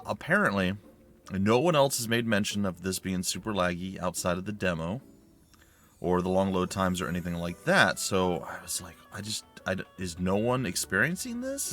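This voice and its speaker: Rambly deep-ish gamer guy. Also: sing-song, normal speed, a bit bright, faint music behind. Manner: rambling, chatty, self-correcting. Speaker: let's play host. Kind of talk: casual gameplay commentary.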